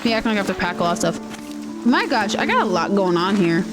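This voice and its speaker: A woman's voice: medium pitch, very animated, brisk, over loud music. A woman streaming a game in casual commentary, chatty and cursing freely, cooing baby talk at her pets. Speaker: gaming streamer.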